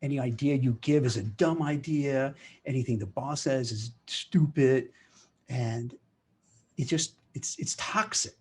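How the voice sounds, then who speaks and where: Man giving animated career advice. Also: medium pitch, unhurried, husky. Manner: animated, acts out office chatter in put-on voices. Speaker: career commentator. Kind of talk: casual advice monologue.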